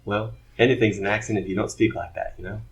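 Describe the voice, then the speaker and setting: A man's voice: on the low side, flat delivery, quick pace, low-quality recording. A man playing a tabletop role-playing game, speaking in playful, flirty in-character banter. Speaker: player. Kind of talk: improvised tabletop role-play. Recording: faint music behind.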